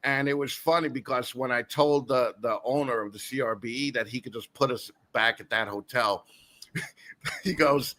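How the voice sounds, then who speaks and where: Man, guest host, podcast chat, bright forward voice, rambling, laughs often. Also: mid-range voice, normal speed. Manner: rambling storyteller, frequent restarts and laughter.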